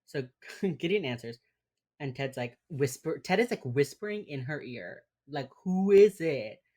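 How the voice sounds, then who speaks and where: A woman with a Miami Cuban-American accent and a very deep voice co-hosts a podcast in loose, casual chat. She talks in a laid-back way, with lots of fillers and swearing. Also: expressive, a little slow, a little mellow, slightly rough. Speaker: podcast co-host. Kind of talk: casual chat recapping an episode.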